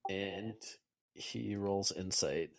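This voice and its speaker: Low-voiced dude game-mastering, casual, laughs a lot, dry close sound. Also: male voice, very slow, vocal fry, no room sound. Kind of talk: narrating a tabletop game.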